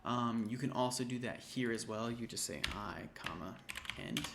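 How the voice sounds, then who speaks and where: A gravelly male voice of medium pitch speaks at normal speed over a noisy background and the sound of typing. He tutors an intro programming class, walking through code on a screen recording while casually musing aloud and catching his own errors.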